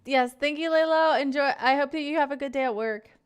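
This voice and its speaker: A woman's voice: high-pitched, brisk. A young woman in her twenties chatting casually on a live stream, greeting viewers by name and rambling through stories.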